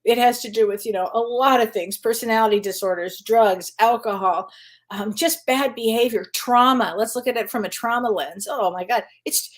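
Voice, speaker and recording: A chatty woman hosting a casual livestream, her voice sitting a bit high. She greets her viewers one by one and breaks into easy laughter as she talks. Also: normal speed. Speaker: spiritual medium and psychotherapist hosting a live Q&A.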